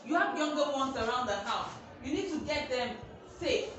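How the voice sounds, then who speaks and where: A woman teacher, giving an online safety lesson to young children, slow and emphatic, repeating her points. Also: high-pitched, expressive, dull audio. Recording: very echoey room, faint noise.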